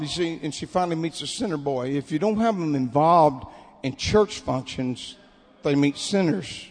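A man preaches a camp meeting sermon in a high voice. He tells a story about his congregation in a quiet, conversational way. The sound carries the long reverb of a large hall. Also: expressive, normal speed, hardly any pauses. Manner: builds to shouted preaching, then drops to quiet storytelling. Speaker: pastor.

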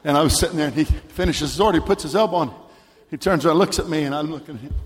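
A male pastor preaching a camp meeting sermon, moving from a chatty story into shouted preaching. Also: on the high side, racing, husky, big-room sound. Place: large church hall at a camp meeting.

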